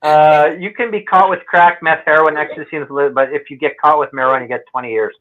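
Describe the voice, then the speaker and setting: A man's voice: on the high side, steady tone, fast talker. A man from Canada telling rambling, profane stories in casual chat and acting out other people's lines. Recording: muffled lo-fi audio.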